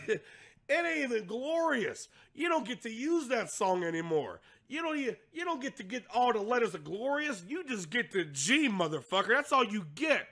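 Male host, young, bright high voice, wildly swinging pitch, profane storyteller who cracks himself up. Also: a little slow. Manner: animated, laughs hard, acts out quotes in a low voice. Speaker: show host telling a story.

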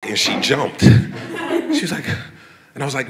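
A man in his thirties talking excitedly on stage at a live event, telling animated stories full of slang and laughter. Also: on the low side, normal speed, a little hiss or hum. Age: 30s. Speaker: guest artist. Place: event venue before a live audience.

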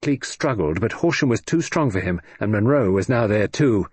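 A man narrating an audiobook in a scripted, expressive reading. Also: on the low side, moderate pace, few pauses, husky, no room sound.

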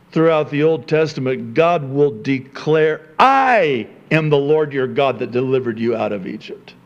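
Animated preaching pastor, slow delivery. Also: male voice, creaky, dull audio. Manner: animated preaching, rising high and loud for emphasis then dropping low and quiet; conversational, chuckling asides to the congregation. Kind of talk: sermon.

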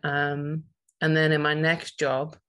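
A woman with a strong Northern Irish accent tells her story with passion and emphasis. Her voice sits low. She sounds like a teacher in her forties speaking to an audience. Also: monotone, slow, a bit bright, clear, resonant tone. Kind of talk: personal presentation talk.

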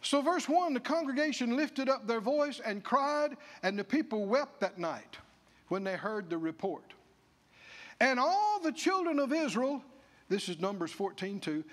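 A man's voice: very high voice, a bit bright, big-room sound. A male pastor preaching a sermon, folksy, acting out the grumbling of the people. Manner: folksy, acts out the people's grumbling in character voices. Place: church.

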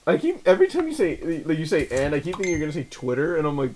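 Laughing, high-voiced young man co-host. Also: wildly swooping pitch, quick pace, darkish tone, a little hiss or hum. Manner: joking, profane, laughs often. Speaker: podcast co-host. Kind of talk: casual chat.

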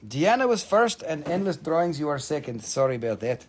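Excitable, higher-pitched man selling crystals. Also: brisk, breathy edge. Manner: excitable, swearing, playful, non-native phrasing. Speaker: live sale host. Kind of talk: live-stream crystal sale.

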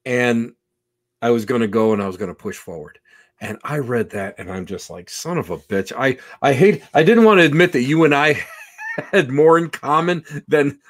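A male podcast host talks in a loose, enthusiastic ramble that surges loud and then drops soft. His pitch is average for a man and jumps up when he gets excited. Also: normal speed. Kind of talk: casual interview.

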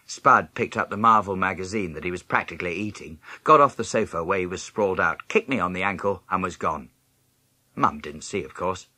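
A man reading a children's novel aloud as a first-person audiobook narration, with lively storytelling. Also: brisk, dry recording. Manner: lively storytelling, jumping high in pitch for other characters' lines.

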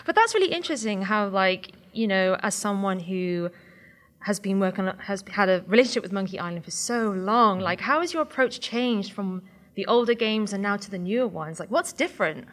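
A woman's voice: medium pitch, lively intonation, a little fast, fairly bright tone. A woman interviewing a game designer, upbeat and chatty. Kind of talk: casual interview.

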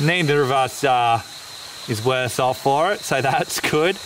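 A man's voice: mid-range voice, measured pace, noisy background. Australian man talking over chirping crickets. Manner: chatty, talks to animals calling them mate. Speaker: wildlife vlogger host. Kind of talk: casual field narration. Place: outdoors by a creek at night. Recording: outdoor recording with loud insects. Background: crickets and insects.

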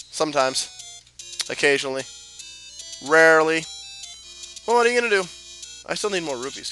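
A man giving profane, excitable, self-mocking commentary while playing through a video game. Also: fairly high pitch, normal speed, long pauses, faint music behind. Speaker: let's play host. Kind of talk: let's play commentary.

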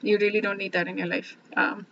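A woman talking through relationship advice in a casual, reflective monologue, often restarting and trailing off softly. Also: medium pitch, little pitch movement, brisk, gravelly, lo-fi sound, a little hiss or hum. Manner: thoughtful, many restarts and asides, trails off softly. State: briefly emotional, near tears. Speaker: self-help vlogger.

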